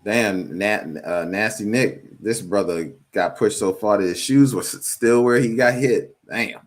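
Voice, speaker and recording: Casting note: a man with a low, calm voice, a steady co-host who sits back. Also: measured pace. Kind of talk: casual chat.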